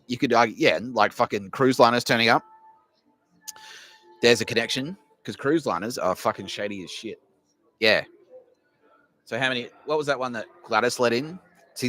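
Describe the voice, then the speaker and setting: A man's voice: medium pitch, sharp tone. An Australian man hosting a podcast, delivering a crude, rambling comedy rant full of swearing. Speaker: podcast host. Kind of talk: ranting comedy monologue.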